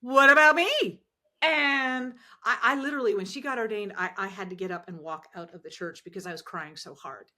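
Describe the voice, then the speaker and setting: A woman telling animated, emotional stories as a podcast guest, acting out the voices she quotes. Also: medium pitch, brisk, few pauses. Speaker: podcast guest, ministry founder. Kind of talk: conversational storytelling interview.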